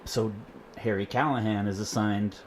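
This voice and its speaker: Recorded at home with slight background noise, a man co-hosts a podcast at normal speed in casual chat. He's animated, laughs often, and quotes lines in a higher voice.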